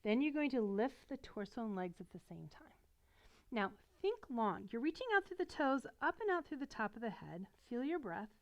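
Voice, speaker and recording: Middle-aged female yoga instructor, slightly breathless, gentle encouraging guidance, pitch a little high. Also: sing-song, normal speed. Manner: gentle, encouraging, explains as she demonstrates. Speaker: yoga teacher.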